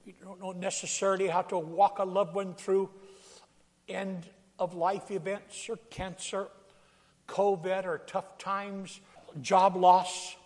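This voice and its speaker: A man's voice: sits high, flat delivery, slow, a little mellow. A man preaching a sermon from a church sanctuary, acting out scripture scenes and calling out to his congregation. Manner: dramatic, acts out scripture quotes, calls to congregation. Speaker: pastor. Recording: long reverb of a large hall.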